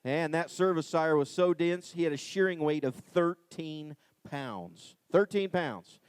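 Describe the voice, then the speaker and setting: A man announcing lots at an auction, giving enthusiastic, folksy sales pitches between bids. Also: animated, measured pace, clean tone, no echo. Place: livestock auction ring.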